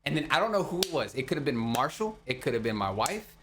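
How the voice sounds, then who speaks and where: A man's voice: mid-range voice, very animated, quick pace, fairly bright tone, a little hiss or hum. A young man co-hosting a podcast, telling a party story in casual, profane chat, laughing often and acting out what people said. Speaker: podcast co-host.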